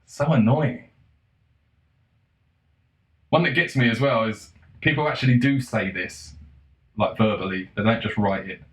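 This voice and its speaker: A man's voice: fairly low pitch, lively intonation, moderate pace, fairly bright tone, roomy sound, poor audio. A man ranting in a casual monologue, exasperated and sarcastic, swearing and laughing between points. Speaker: vlogger.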